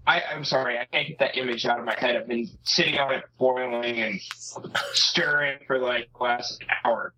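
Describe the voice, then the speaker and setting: A man's voice: medium pitch, steady tone, moderate pace, pushed and bright. A man co-hosting a casual podcast chat, ranting dramatically and swearing freely, on a dull lo-fi mic.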